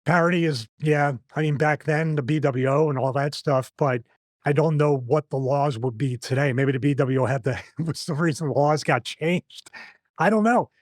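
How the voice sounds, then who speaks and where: A man's voice: fairly high pitch, normal speed, dry recording. Dry, close-miked middle-aged man telling stories. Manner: chatty storyteller who laughs between anecdotes. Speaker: podcast host. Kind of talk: casual podcast chat.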